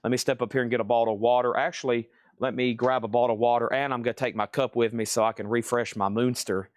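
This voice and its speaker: A man runs a live record sale, chatting casually and rambling between items. His voice sits at a middling pitch, and the sound is dry and close with no room echo. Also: steady tone, quick pace. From Tennessee. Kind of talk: live sales stream.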